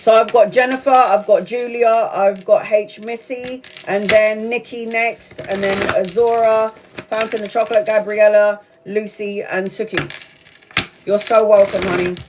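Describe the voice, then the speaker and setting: A woman doing a casual live-stream tarot reading, chatty and excitable, swearing freely and calling her viewers sweetheart. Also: medium pitch, unhurried, background noise. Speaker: tarot reader.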